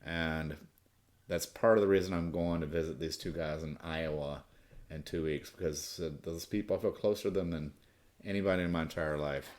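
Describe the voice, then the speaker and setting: A man's voice: rumbling low, fairly even intonation, normal speed, darkish tone. A middle-aged American man casually telling a profane, rambling personal story as a podcast host. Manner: crude, profane, rambling with restarts.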